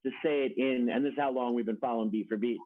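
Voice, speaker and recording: A man hosts a casual conversation over a video call, talking in a friendly, rambling way and laughing easily. His pitch is mid-range. The audio is dry and thin, like a phone line. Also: quick pace, no echo. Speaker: host.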